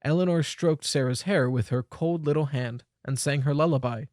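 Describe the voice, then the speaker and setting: A young man narrating an audiobook in a measured, expressive storytelling voice. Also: a little high, no room sound, clean studio sound. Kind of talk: scripted narration.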